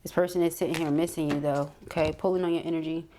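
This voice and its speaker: A woman's voice: sits low, fairly even intonation, quick pace, dark tone, slight background noise. A woman giving a tarot reading, reading card messages aloud and checking in with the listener with frequent "okay?" asides. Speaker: tarot reader.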